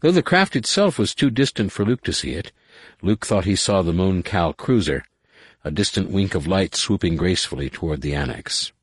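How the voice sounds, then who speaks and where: Brief: male audiobook narrator, very low and husky, measured reading. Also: lively intonation, no room sound. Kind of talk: scripted narration.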